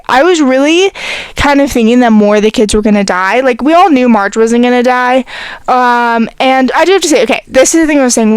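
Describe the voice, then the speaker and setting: Teenage girl, podcast host, rambling casual chat, lots of fillers, high-ish smooth voice. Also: dry recording. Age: teens. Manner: rambling, filler-heavy, talks to her cat. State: short of breath.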